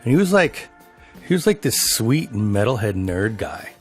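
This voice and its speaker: A man's voice: fairly low pitch, very animated, normal speed, soft background music. A man from a band telling a profane road anecdote in a documentary interview. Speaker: band member.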